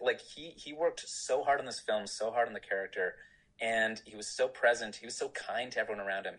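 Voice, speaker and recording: A man's voice: deep voice, fairly bright tone, slightly rough, poor audio. A man, a film director, answering interview questions in a rambling, self-deprecating way with frequent laughs.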